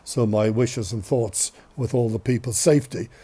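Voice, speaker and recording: Male podcast host, storyteller, a cold in the voice, dark and raspy. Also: mid-range voice, normal speed. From Ireland. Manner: chatty, self-deprecating, animated storytelling. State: has a cold. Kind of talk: casual storytelling.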